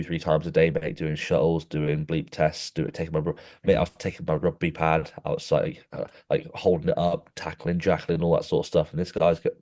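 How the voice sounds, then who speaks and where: Young bloke, super deep voice, rambling laddish podcast chat, "mate" every other word. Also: male voice, warm tone. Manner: rambling, laddish storytelling, says "mate" constantly. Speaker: podcast co-host. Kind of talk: casual chat.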